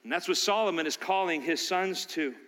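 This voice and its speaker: An older male pastor preaching with lively swings from loud urging to quiet storytelling. His voice is high and bright, and it rings out with the long reverb of a large hall. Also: a little fast. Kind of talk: sermon.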